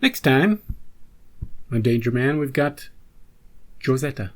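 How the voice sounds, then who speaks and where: A man's voice: mid-range voice, normal speed, vocal fry, slightly rough. A man hosting a reaction channel, chatting casually with rambling asides and joking restarts.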